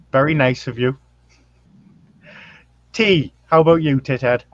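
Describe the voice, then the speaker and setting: A man's voice: medium pitch, unhurried, no echo, lo-fi sound. A man hosting a casual podcast chat, crude and rambling, stumbling over his words. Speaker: host.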